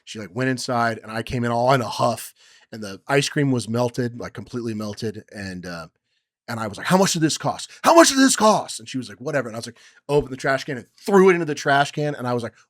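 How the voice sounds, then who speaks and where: A young man co-hosting a podcast who tells a personal story in a rambling way, with many ums, and acts out quotes loudly. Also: mid-range voice, quick pace, no echo, clean studio sound. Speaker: podcast co-host. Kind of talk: casual chat, personal story.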